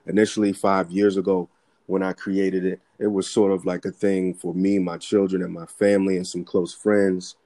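A middle-aged man from the Bronx with a lowish voice talks on a podcast. He is relaxed and unhurried and stops and restarts often, filling gaps with ums. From the Bronx, New York. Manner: relaxed, halting with many fillers and restarts. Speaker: guest, clothing entrepreneur and boxing coach. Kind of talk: casual podcast conversation.

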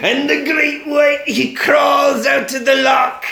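A man's voice: extremely high pitch, fairly even intonation, slow, gravelly, roomy sound, a crowd in the background, pitched above the performer's own voice, full character voice. A man doing a blustering old Scotsman. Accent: Scottish (put on). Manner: shouty, exaggerated.

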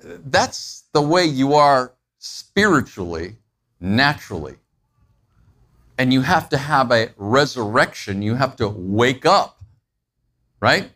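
Male pastor, mid-pitched voice, chatty sermon delivery, questions to the congregation. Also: takes it slowly. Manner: conversational, asks listeners questions; acts out everyday moments with animated pitch jumps.

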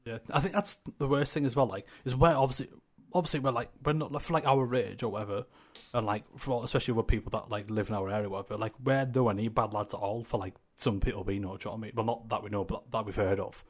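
A man's voice: lowish voice, steady tone, fast. A young man, co-hosting a podcast in casual, sweary, rambling chat. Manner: sweary, rambling, laughs often. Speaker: podcast co-host.

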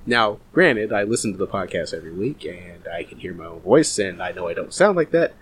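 A man's voice: low-pitched, sing-song, brisk, slight background noise. A man co-hosting a casual podcast, laughing often and swearing freely. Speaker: podcast co-host.

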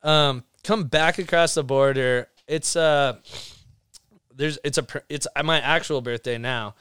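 A man's voice: fairly high pitch, a little slow, a bit bright, smooth. A young man, a podcast guest, telling rambling stories in casual chat, swearing a lot and laughing as he goes. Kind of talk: casual storytelling.

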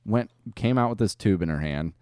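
A man's voice: lowish voice, lively intonation, fairly quick, mellow, dry recording, studio quality. A man co-hosting a podcast, telling crude stories in casual banter. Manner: storytelling, crude and laughing. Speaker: podcast co-host.

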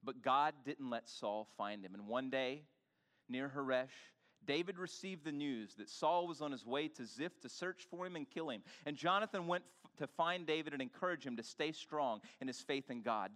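A male pastor preaching an animated sermon in church, bantering with the congregation and urging them to talk back. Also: mid-range voice, normal speed, long reverb tail. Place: church sanctuary.

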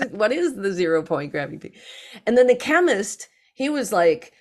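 Animated woman guest telling stories. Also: medium pitch, takes it slowly. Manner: animated, acts out others in lively quotes. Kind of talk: storytelling in a podcast interview.

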